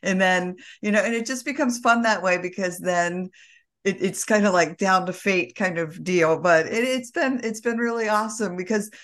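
A woman's voice: medium pitch, normal speed, a bit bright. A woman hosting a podcast, chatting casually and affirming her guest. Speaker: podcast host. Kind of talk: casual interview chat.

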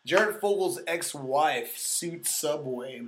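A man's voice: a little high, expressive, takes it slowly, noisy background. A man in his thirties hosting a casual podcast, rambling with lots of fillers and frequent laughter. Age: 30s. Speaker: podcast host.

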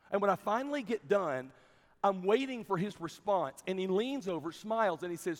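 A man preaching a sermon, telling a story with lively acted-out dialogue. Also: sits high, moderate pace. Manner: animated storytelling, acting out dialogue. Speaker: camp preacher. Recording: long hall reverb.

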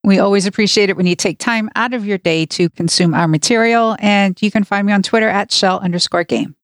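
A woman's voice: mid-range voice, fairly quick, dry recording, clean studio sound. A woman co-hosting a casual podcast with a wry, amused manner. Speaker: podcast co-host.

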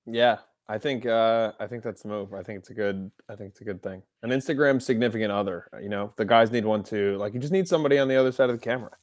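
A man's voice: fairly low pitch, fast, hardly any pauses, no echo, studio quality. A young man hosting a casual interview, rambling with lots of "uh" and "like". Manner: relaxed, rambling, many "uh" and "like" fillers. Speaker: podcast host.

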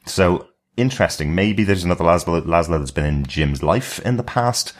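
A man's voice: deep voice, expressive, normal speed. A man co-hosting a podcast, chatting casually and musing over theories. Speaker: podcast co-host.

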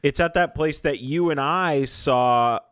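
A man co-hosting a casual podcast chat, teasing his friend in a dry, deadpan way. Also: a little high, slow, smooth, no room sound.

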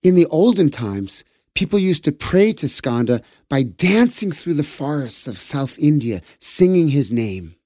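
A man telling a bedtime story for children, gentle and animated, jumping into character voices. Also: fairly high pitch, unhurried, dry recording, clean studio sound.

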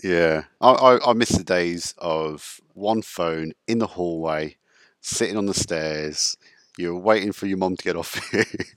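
A deep-voiced man of about forty hosts a podcast, asking questions in a friendly, easygoing way. His voice comes through a video call and sounds dry and close, with no room echo. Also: measured pace, fairly bright tone. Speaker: podcast host. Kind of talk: casual interview chat.

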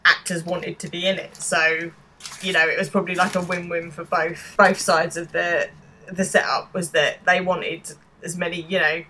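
A woman's voice: on the low side, flat delivery, moderate pace, sharp tone, slight background noise. A woman co-hosting a podcast, chatting casually about a TV episode and acting out lines from its scenes. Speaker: podcast co-host. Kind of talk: casual chat recapping a TV episode.

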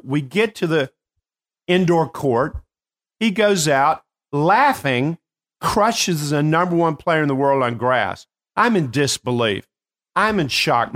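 An older man hosting a show as a coach, telling stories in a casual, animated way with bursts of laughter. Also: fairly high pitch. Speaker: host and performance coach. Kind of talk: casual storytelling.

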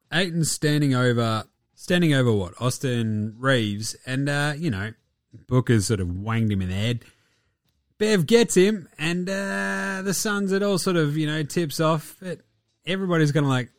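A man's voice: on the high side, lively intonation, a little slow, no room sound, soft background music. Sweary Australian man, dry close sound. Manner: jokey, sweary and rambling. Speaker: podcast host. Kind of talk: casual basketball podcast chat.

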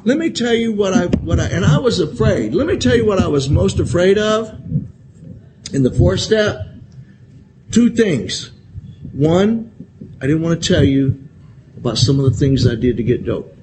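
A man's voice: high voice, animated, normal speed, long pauses. A man speaking at a convention and sharing his recovery story candidly. He rambles, repeats himself, swears often and keeps saying "man.". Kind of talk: candid recovery share, profane and emotional. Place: convention hall. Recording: live talk with loud room noise.

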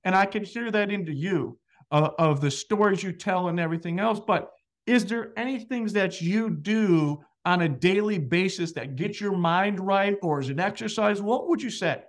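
A man's voice: high voice, normal speed. A man hosting a podcast, talking earnestly and reflectively with his guest and often agreeing. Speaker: podcast host, financial advisor. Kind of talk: podcast interview chat.

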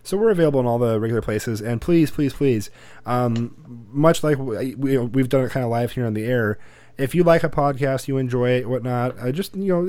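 A man's voice: medium pitch, a little mellow, dry recording. A man hosting a casual parenting podcast, a parent himself, who talks in a rambling way with lots of fillers and restarts. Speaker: podcast host.

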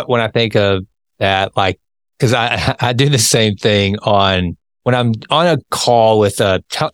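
A man hosting an interview in a casual, chatty way, telling anecdotes and talking in quick bursts. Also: fairly low pitch, clear, resonant tone, no room sound. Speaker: interview host.

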